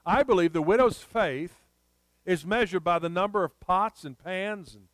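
A man's voice: high-pitched, normal speed, a bit bright, dry recording. A man preaching a sermon, telling a personal story and rising to emphatic appeals.

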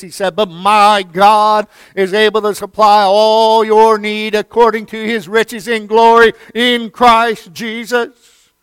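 A man preaching a sermon as pastor, who swings between loud, emphatic declarations and hushed near-whispers, repeating phrases and calling his listeners friend. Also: high-pitched, clean tone, dry recording.

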